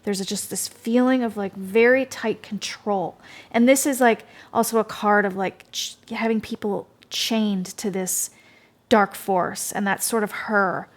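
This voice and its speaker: A woman's voice: medium pitch, fairly even intonation, measured pace. Rambling woman musing over tarot cards. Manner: rambling, hesitant, many fillers and restarts. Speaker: tarot reader. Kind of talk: casual intuitive tarot reading monologue.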